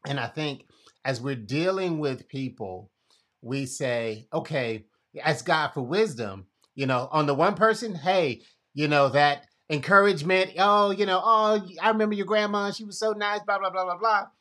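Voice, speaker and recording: A man's voice: fairly high pitch, normal speed, bright, forceful tone. A man hosting a casual conversation, retelling a Bible story expressively and acting out quotes. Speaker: podcast host.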